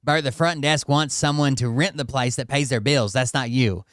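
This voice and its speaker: A man hosting a reaction show, delivering mocking, deadpan commentary and swearing casually. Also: medium pitch, moderate pace, clean tone, no room sound, studio quality. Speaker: host.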